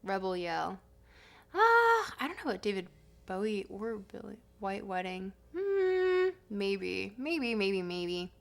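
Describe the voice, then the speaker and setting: A woman's voice: mid-range voice, unhurried, creaky. A woman streamer chatting casually with her chat, reading comments aloud and humming between songs. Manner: chatty, reads chat aloud, sings along. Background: music.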